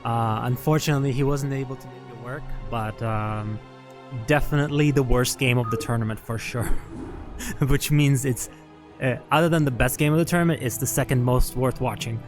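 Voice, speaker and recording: A man's voice: mid-range voice, moderate pace, over music. A man commentating a strategy game match at a live event, chatty and analytical with frequent laughs and fillers. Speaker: esports commentator. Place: venue at a LAN event.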